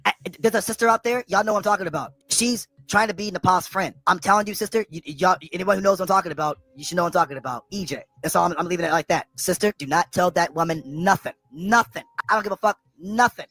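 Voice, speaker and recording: A man's voice: high voice, fast talker, hardly any pauses, fairly bright tone, no echo. A man streaming a profane, repetitive rant on his own channel. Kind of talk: ranting commentary.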